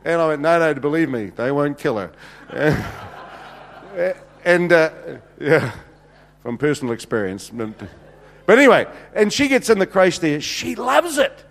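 In a church hall with a long, echoing reverb, a middle-aged senior pastor tells funny stories during his sermon, his voice on the high side and sing-song at a measured pace. His delivery is humorous and anecdotal, packed with fillers.

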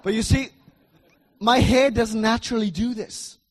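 Husky high-voiced man preaching a sermon. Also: steady tone, unhurried. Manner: emphatic and repetitive, swinging between loud and soft.

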